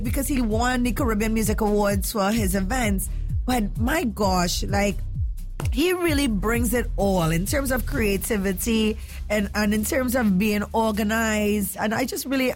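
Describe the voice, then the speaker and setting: A woman radio host with a Trinidadian accent, chatting in an excitable, emotional, laughing way on a morning show. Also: on the high side. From Trinidad and Tobago. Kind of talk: casual morning show chat.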